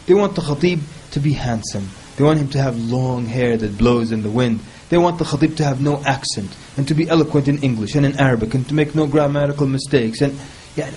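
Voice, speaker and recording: A man speaking on a panel, giving advice in a lively, humorous way and mimicking people in quick quoted asides. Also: on the high side, low-quality recording. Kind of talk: casual panel talk.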